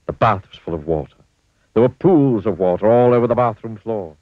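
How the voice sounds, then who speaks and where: A man reading a children's storybook aloud in a playful, expressive way. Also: on the low side, a little fast, dry recording. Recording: dull lo-fi dry recording.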